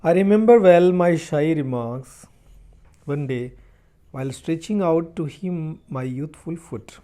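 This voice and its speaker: Slow, mellow-voiced male teacher explaining a story. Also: a little high. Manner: reads a sentence, then restates it slowly in simpler words; halting, with repeated words and restarts. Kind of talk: reading a story aloud and explaining it line by line.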